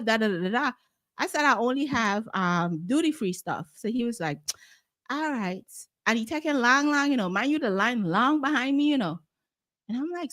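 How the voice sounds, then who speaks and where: A woman's voice: on the high side, moderate pace, no echo, studio quality. A woman with a Guyanese accent, telling a story in casual talk and acting out the voices of the people in it. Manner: animated, acts out quoted voices. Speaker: guest.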